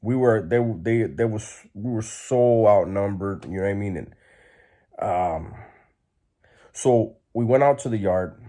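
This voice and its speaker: A man with a somewhat low voice recounts a story in plain streetwise talk. He is blunt and relaxed, and he leans on fillers as he goes. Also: a little slow. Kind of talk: casual storytelling.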